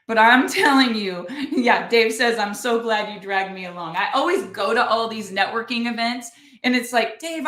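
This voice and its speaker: A middle-aged woman pours out a personal story to her listeners, intense and emphatic. Her voice sits a touch high and rings bright and sharp. The room around her gives back a clear echo. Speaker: podcast host.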